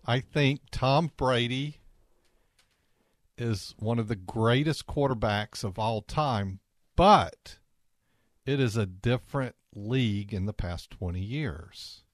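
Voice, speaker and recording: A man co-hosting a casual talk show, explaining his points in a deliberate way. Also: medium pitch, no room sound, studio quality. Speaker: co-host.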